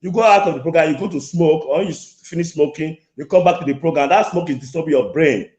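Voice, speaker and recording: On an echoey lo-fi phone line, a caller phones in to a show with an angry complaint. His voice is a little high, fast and darkish, and he repeats himself insistently while talking over the host.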